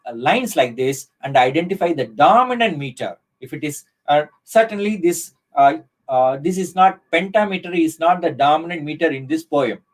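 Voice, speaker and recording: A male professor giving a live online lecture on poetry, explaining step by step with frequent fillers and restarts. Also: a little high.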